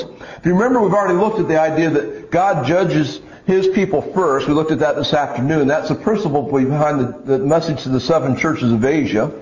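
A man's voice: a little high, a little mellow. A man preaching a sermon and reading scripture aloud, earnest and often restarting his words. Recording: dull lo-fi recording.

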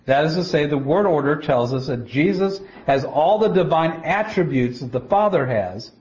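A man preaching a Bible teaching, explaining scripture step by step in a deliberate way, often stopping to restart a word. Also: fairly high pitch, animated, a little mellow. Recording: dull lo-fi recording.

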